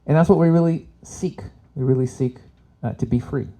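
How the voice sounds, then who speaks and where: Casting note: man in his forties, warm mellow tone, loose stand-up delivery, swears and laughs along with the crowd. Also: medium pitch, a little fast. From Canada. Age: 40s. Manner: chatty, swears freely, laughs at his own jokes. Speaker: comedian and workshop host. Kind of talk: live stand-up comedy talk.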